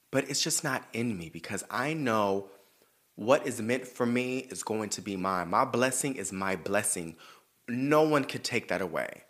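Brief: male podcast host, mid-pitched voice, sassy and profane, blunt advice. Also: a bit bright. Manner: reflective and earnest when talking about himself. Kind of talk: casual advice chat.

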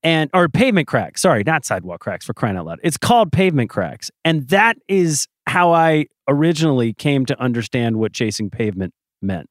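A man's voice: medium pitch, lively intonation, a little fast, few pauses, no room sound, clean studio sound. A man co-hosting a podcast in casual chat, opinionated and sarcastic. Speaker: podcast co-host.

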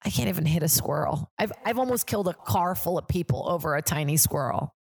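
A woman's voice: low voice, lively intonation, quick pace, darkish tone, husky. A woman comedian hosting a casual podcast chat, rambling with lots of fillers, swearing and laughing often.

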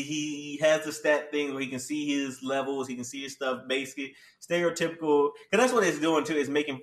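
A man's voice: on the high side, a bit bright. A man casually recapping an anime plot in a rambling, slangy way full of filler words. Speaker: anime reviewer. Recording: echoey room, distant mic.

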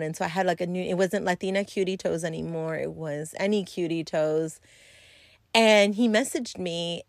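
A woman's voice: mid-range voice, dry recording, clean studio sound. A woman hosting a podcast, telling a casual story in a rambling way, swearing freely and using lots of fillers. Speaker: podcast host.

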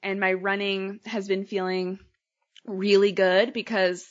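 A woman's voice: mid-range voice, little pitch movement, unhurried, lo-fi sound. A woman co-hosting a podcast in a casual chat, talking loosely and laughing often. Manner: chatty, laughs often, trails off mid-sentence. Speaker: podcast co-host.

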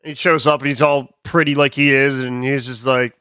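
A man's voice: medium pitch, little pitch movement, normal speed, pushed and bright, clean tone, no room sound, clean studio sound. A young man co-hosting a casual chat, rambling and joking as he tells stories and swears freely. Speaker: podcast co-host.

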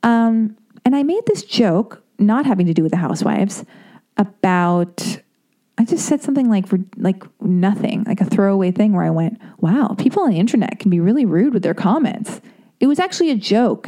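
A woman in her thirties talking in a casual, rambling monologue, stuttering and restarting as she gets worked up. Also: lowish voice. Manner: rambling, animated, self-interrupting with restarts and stutters; quotes others in acted voices.

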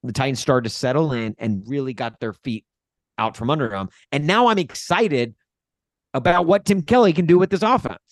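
A man co-hosting a sports podcast, telling stories in a rambling, exasperated, animated way. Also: medium pitch, normal speed, no echo. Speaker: podcast co-host. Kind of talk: casual sports podcast chat.

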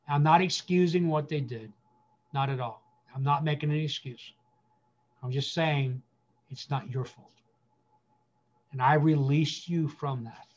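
A man speaking as a guest pastor, giving earnest counsel with emphatic repetition, slowing down to stress key phrases. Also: fairly high pitch, darkish tone, dull audio.

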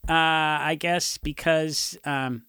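A man's voice: on the high side, fairly even intonation, slow pace, bright, forceful tone, smooth, no room sound, clean studio sound. A man, a punk musician, chatting casually and rambling through stories with many restarts and fillers. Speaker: punk musician discussing a song. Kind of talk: casual chat.

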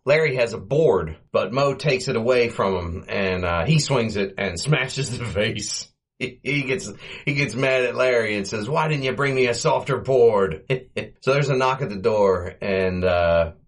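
A man hosting a podcast, casually retelling an old comedy short, chuckling often and giving quoted lines a quick comic voice. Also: on the low side, expressive. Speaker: podcast host.

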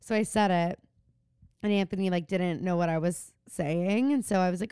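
A woman's voice: fairly low pitch, normal speed, warm tone, clear, resonant tone, no room sound, studio quality. A woman co-hosting a podcast, chatting casually about a TV episode and acting out the characters' lines. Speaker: podcast co-host. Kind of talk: casual chat recapping a TV show.

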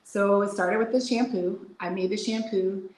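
A woman's voice: medium pitch, normal speed. Young woman chatting away, lots of "like"s, roomy echo on her voice. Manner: chatty, animated, frequent "like" fillers and laughs. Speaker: interview guest, entrepreneur. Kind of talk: casual storytelling interview. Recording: echoey room.

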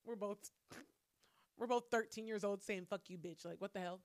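A woman telling a personal story straight to her viewers in a casual, animated way, swearing freely and breaking into loud exclamations. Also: mid-range voice, fast, no echo, studio quality. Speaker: vlogger.

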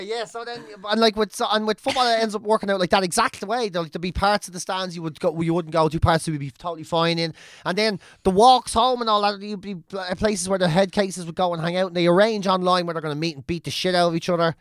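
A man's voice: sits high, fairly even intonation, fast talker, fairly bright tone, no room sound, clean studio sound. A man in his forties with an Irish accent, talking in a sweary, joking casual chat as a podcast co-host. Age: 40s.

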